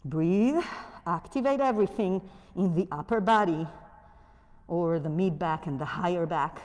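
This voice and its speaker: A woman with a non-native English accent leads a yoga class in a slow, mellow voice. She talks gently through each pose and keeps reminding students to breathe. Her mic picks up the long echo of the studio hall. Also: fairly low pitch. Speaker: yoga instructor. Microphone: wearing a mic.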